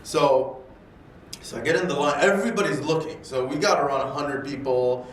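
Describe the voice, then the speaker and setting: A man telling a story casually and animatedly, acting out the dialogue and repeating words when excited. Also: mid-range voice, normal speed, a little hiss or hum. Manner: animated, acts out dialogue in voices. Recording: echoey room, distant mic, faint ambience.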